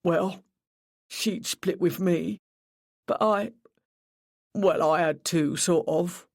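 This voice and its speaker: Narrator doing a sulky young man, clipped and flat, grief under the surface, dry close read. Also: sits high, slow, gravelly, no echo, exaggerated voice. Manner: flat, curt, mumbling replies. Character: grieving sullen young male cyclist.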